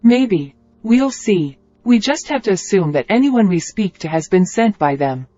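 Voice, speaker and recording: A man's voice: high voice, very animated, unhurried, mellow, dull audio, pitched above the performer's own voice, exaggerated voice. A man narrating an audiobook, voicing a wary, paranoid young woman with a clipped, knowing manner.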